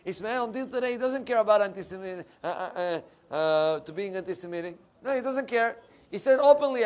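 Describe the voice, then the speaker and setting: A middle-aged male rabbi preaching a sermon in a synagogue, animated and emphatic, swinging from loud to soft. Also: high-pitched, moderate pace.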